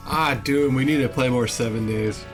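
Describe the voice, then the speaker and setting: A man's voice: medium pitch, moderate pace, soft background music. A man from Texas chatting casually on a stream, laughing often. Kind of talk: casual chat.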